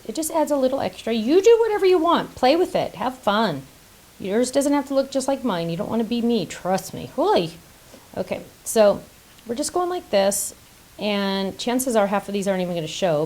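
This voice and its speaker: A woman's voice: fairly high pitch, slight background noise, poor audio. A woman hosting a casual card-making tutorial, chatty and playful, making silly sound effects and joking about herself. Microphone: top-down camera setup.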